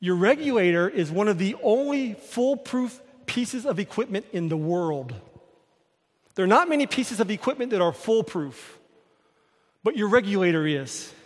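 A man voicing a laid-back male dive instructor, calmly repeating his safety instructions in a long hall reverb. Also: high-pitched, moderate pace, voice pushed up. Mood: instructing. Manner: calm, repetitive instructing.

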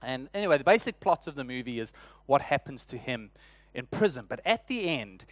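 A man's voice: mid-range voice, big pitch swings, a little fast, fairly bright tone, no room sound. A man in his thirties with a South African accent, a church elder giving a sermon in a friendly, humorous storytelling way with frequent restarts.

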